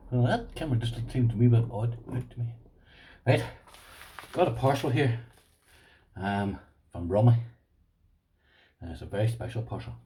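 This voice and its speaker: A middle-aged man with an Irish accent talks casually to his viewers. His voice is warm and mellow at a middle pitch. He rambles through his asides and pokes fun at himself, laughing often. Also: a little slow, long pauses, far from the mic, low-quality recording. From Ireland. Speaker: lock collector vlogger. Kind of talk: casual vlog chat.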